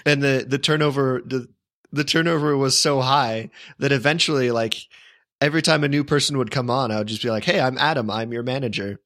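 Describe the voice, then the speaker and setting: A man's voice: medium pitch, a little fast, a bit bright, dry recording, studio quality. A young man co-hosting a podcast, telling a long story in casual chat with frequent restarts and self-deprecating asides. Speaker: podcast co-host.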